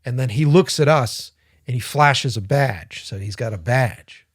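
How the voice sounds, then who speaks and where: In a clean studio recording with no room sound, an unhurried man of medium pitch co-hosts a podcast. His story is loose, profane and lively, full of impersonated voices.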